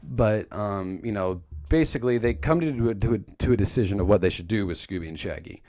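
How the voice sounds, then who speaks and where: A man's voice: fairly low pitch, a little fast, darkish tone. A young man giving a casual, joking movie recap, rambling and stumbling over his words. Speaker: video creator recapping a movie.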